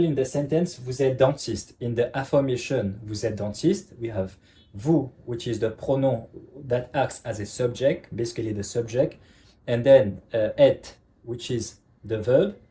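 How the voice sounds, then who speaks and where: A man's voice: mid-range voice, mellow, slight background noise. A man teaching a French lesson in English, explaining step by step and checking in with "okay?" all the time. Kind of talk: online language lesson.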